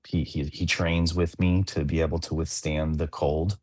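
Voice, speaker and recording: A man's voice: extremely low pitch, level tone, normal speed, a little mellow, dry recording, clean studio sound. A man co-hosting a podcast, chatting casually and rambling with many fillers and restarts. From Southern California. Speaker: podcast co-host. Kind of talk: casual chat.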